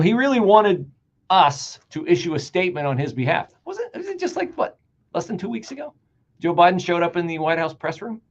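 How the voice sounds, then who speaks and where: A man hosting a political talk show, delivering an animated, sarcastic and emphatic monologue. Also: on the high side. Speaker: radio talk show host. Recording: dull lo-fi sound.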